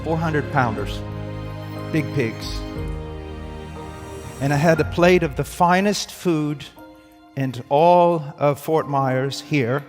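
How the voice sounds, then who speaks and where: A man preaching a sermon with dramatic swings from loud outbursts to hushed tones. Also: fairly high pitch, takes it slowly, long pauses. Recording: long reverb in a hall, faint music.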